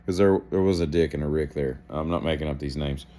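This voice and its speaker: A man's voice: extremely low pitch, quick pace. A man, hosting a daily show, telling a rambling, self-deprecating story with dry asides. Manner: animated, self-deprecating, acts out gestures and inner thoughts.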